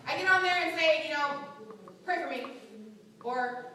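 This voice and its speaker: Lady teaching bible class, high bright voice, lots of echo, mic kinda far. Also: normal speed, a little hiss or hum. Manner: animated, acts out quotes, laughs often. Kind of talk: church class teaching, storytelling. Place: church classroom. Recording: very echoey room, mic far off.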